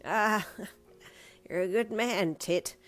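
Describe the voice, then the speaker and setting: A woman voicing a cheerful, frail old man of almost ninety who warbles his words slowly and cracks jokes. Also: medium pitch, very animated, a bit bright, pitched above the performer's own voice. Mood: jolly. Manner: warbling, jokey, slow drawl. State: short of breath.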